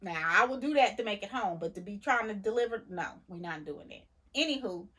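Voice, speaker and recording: A woman, a truck driver, telling a story in a casual, animated and indignant way. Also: medium pitch, fairly quick, slightly rough. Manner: animated, indignant retelling with laughs.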